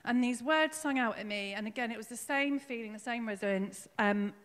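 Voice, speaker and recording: A woman giving a personal testimony at her own baptism in church, emotional and tearful, halting with fillers as she speaks. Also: a little high. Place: church hall. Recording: long hall reverb.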